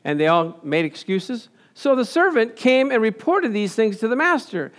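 High-voiced, lively preaching pastor. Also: male voice, normal speed. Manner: animated, asks the congregation questions and answers them; laughs often. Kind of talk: sermon with slides.

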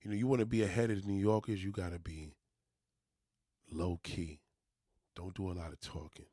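Husky low-voiced New York man. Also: flat delivery, moderate pace, warm tone, no room sound, clean studio sound. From New York City. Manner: loose, profane, rambling street talk with motivational asides. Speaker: vlogger. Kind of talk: casual monologue to viewers.

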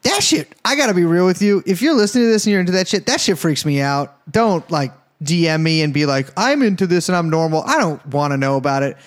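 A man's voice: fairly high pitch, expressive, fast, hardly any pauses. A man co-hosting a podcast in casual chat, joking crudely and swearing a lot. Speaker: podcast co-host.

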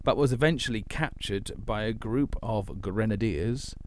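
A man's voice: on the low side, moderate pace, slight background noise. A man co-hosting a podcast, chatting playfully with plenty of fillers and restarts. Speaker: podcast co-host. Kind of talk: casual chat.

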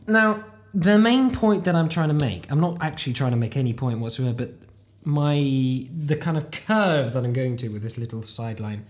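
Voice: mid-range voice, darkish tone. A British-accented podcast host, talking loosely and chattily on their own. The talk wanders from tangent to tangent, full of self-mocking asides and offhand swearing. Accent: British English. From United Kingdom. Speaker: podcast host, language learner. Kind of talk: casual rambling monologue.

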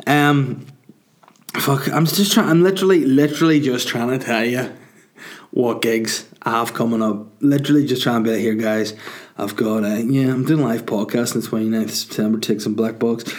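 Comic host, man at the tail end of a cold, loose profane rambling, laughs at his own gags, mid pitch. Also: a little mellow. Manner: sweary, rambling, self-mocking, laughs at own jokes. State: getting over a cold. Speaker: comedian hosting a podcast. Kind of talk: rambling casual monologue.

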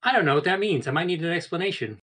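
Podcast guest, male, bright, fairly high voice, easygoing anecdote-teller. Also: rapid-fire. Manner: relaxed, rambling anecdotes. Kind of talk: casual storytelling.

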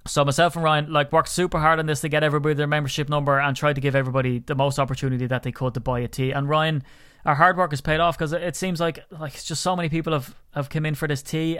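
An Irish man talks through a podcast segment in a chatty, rambling way. His voice is smooth and clear, recorded close and dry. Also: fairly high pitch, level tone, fast, a bit bright, no echo. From Ireland. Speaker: podcast co-host. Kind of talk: casual podcast chat.

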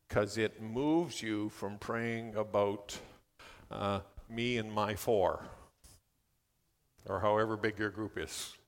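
A man preaching a sermon as a pastor, moving from steady teaching into fervent spoken prayer. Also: fairly low pitch. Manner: builds to near-shouting fervent prayer. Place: church hall. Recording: long hall reverb.

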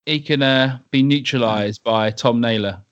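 A man's voice: mid-range voice, measured pace, lo-fi sound. A man hosting a casual football podcast, blunt and swearing, steering the talk between topics. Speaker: podcast host. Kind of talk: casual football fan chat.

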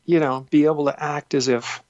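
A man, a guest actor, telling stories in an interview, warm and self-deprecating, halting with fillers. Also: a little high, steady tone, no echo, dull audio. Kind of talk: interview, storytelling.

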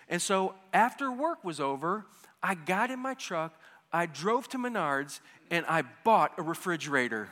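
A man in his fifties telling a humorous personal story, swinging between hushed asides and loud excited bursts. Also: high-pitched, a little slow. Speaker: storyteller speaking to an audience. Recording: hall with long reverb.

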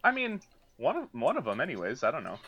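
A man's voice: medium pitch, wildly swooping pitch, fast, crowd noise. A man from Alberta, Canada, a podcast guest chatting casually and swearing freely, laughing often over a remote call. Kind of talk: casual chat.

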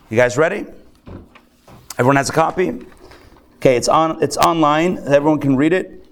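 A man teaching a live class as a rabbi, animated, acting out the voices of people he describes. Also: on the high side, normal speed, long pauses, a little hiss or hum. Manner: animated, acts out excited and grumbling voices. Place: lecture room with a live audience.

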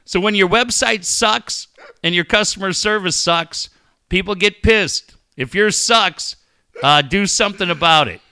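A man's voice: sits high, a little slow, pushed and bright, smooth, no echo, studio quality. A man hosting a podcast, ranting and telling stories in casual, profane chat and mocking other people's voices. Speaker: podcast host.

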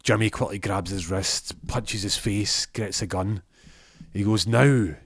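A man's voice: fairly low pitch, steady tone, a little slow, fairly bright tone, husky, no echo, studio quality. A man telling a rambling comic story, correcting himself as he goes.

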